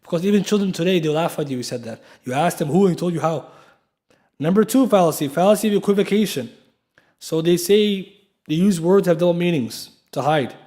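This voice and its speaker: Fast-talking, emphatic male lecturer. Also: sits high, animated, warm tone. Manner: emphatic, asks rhetorical questions, spells out terms. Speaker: Islamic lecturer. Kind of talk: classroom lecture. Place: mosque lecture room.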